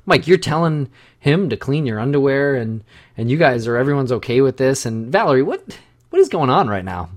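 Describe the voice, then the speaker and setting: A man's voice: medium pitch, brisk. A man hosting a casual movie-watching podcast, joking in a mock-panicked way. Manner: jokey, mock-panicked, animated. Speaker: podcast host. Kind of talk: casual movie commentary chat.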